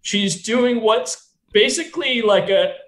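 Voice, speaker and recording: A man's voice: high voice, takes it slowly, echoey room. An American man chatting casually about a film, loose and full of fillers and asides. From United States.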